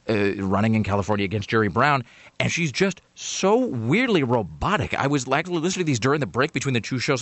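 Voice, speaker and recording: A radio talk show host with a fairly low voice chats casually, rambling through stories and restarting often. He interrupts himself and tells things with animation. There's no room sound.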